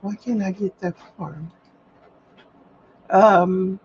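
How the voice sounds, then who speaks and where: A woman speaks slowly with a gravelly, creaky edge, venting candidly and circling back on her points. Her livestream audio is slightly dull, with a faint hum underneath. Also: mid-range voice, expressive, darkish tone. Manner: candid, rambling, emphatic repetition. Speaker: livestream host. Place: at home, printing paperwork.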